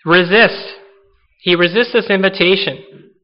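A man's voice: high voice, measured pace, dull audio. A male pastor preaching a sermon in an earnest, conversational way, full of rhetorical questions.

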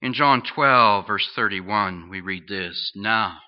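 A man preaching a sermon in an earnest, questioning way, pausing between phrases. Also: fairly low pitch, clear, resonant tone. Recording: dull lo-fi sound.

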